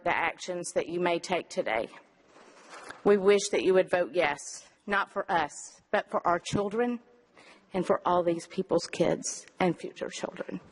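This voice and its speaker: A woman's voice: lowish voice, poor audio. A woman, a mother, giving an earnest and emotional prepared public comment to a city council. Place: council chamber.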